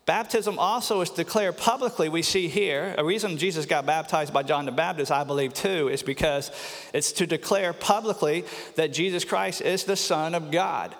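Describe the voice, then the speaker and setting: A pastor preaching a sermon with earnest emphasis, slowing down on key phrases and sometimes repeating words. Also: male voice, on the high side, a bit bright. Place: church sanctuary. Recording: long church hall reverb.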